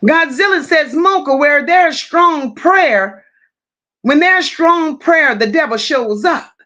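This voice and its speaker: Woman, high voice, livestream host, casual chat, greets viewers fondly, blunt talk. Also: expressive, slow, sharp tone. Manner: affectionate, calls viewers "my love" and "boo".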